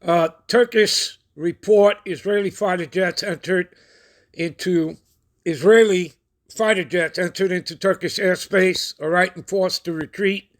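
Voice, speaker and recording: High-voiced man preaching over the news. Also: fairly even intonation. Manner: checks in with listeners constantly ("all right?", "okay?"); pauses while looking things up. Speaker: host of a prophecy channel. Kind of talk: reading news and scripture with commentary.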